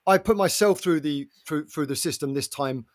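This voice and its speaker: A man co-hosting a show, talking excitably with frequent restarts and swearing. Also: fairly high pitch, moderate pace. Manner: excitable, stumbling, swears freely. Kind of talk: casual chat.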